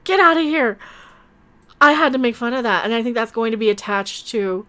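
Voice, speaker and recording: A woman's voice: a little high, animated, a little fast, a bit bright. A woman hosting a live-stream commentary, sarcastic and mocking, laughing often as she reacts to her chat. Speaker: online commentary host.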